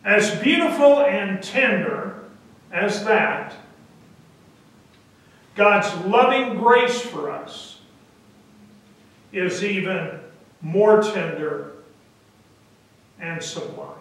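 A man preaching who tells his story in a slow, deliberate way and pauses on a filler now and then. His voice sits fairly high. The sound carries a heavy church echo and comes from well back from the mic. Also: lively intonation, fairly bright tone. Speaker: pastor. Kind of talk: sermon storytelling. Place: church sanctuary. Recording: echoey church from a distance.

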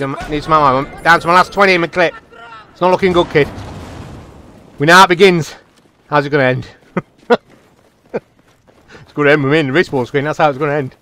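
A young man giving excitable, chatty commentary over his own game, talking to himself and his teammates. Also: fairly high pitch. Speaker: gaming channel host. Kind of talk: live gameplay commentary.

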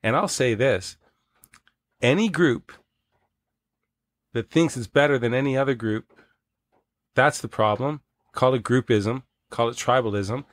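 A man from Canada, a podcast guest, telling stories in casual chat, swearing and animated. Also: mid-range voice, unhurried, pauses often, dry recording. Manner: profane, animated storyteller.

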